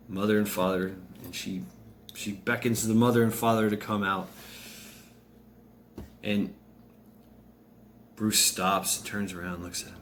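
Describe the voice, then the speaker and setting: A man's voice: lowish voice, steady tone, a little slow, pauses often, a bit bright, a little hiss or hum. A man casually telling a story aloud, rambling, with many fillers and restarts.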